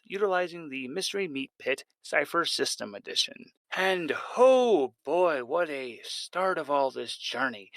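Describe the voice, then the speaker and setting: A man narrating a tabletop horror role-playing game as game master, in a rambling, animated way with frequent restarts. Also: mid-range voice, gravelly, no echo, rough recording. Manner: rambling, animated, self-correcting.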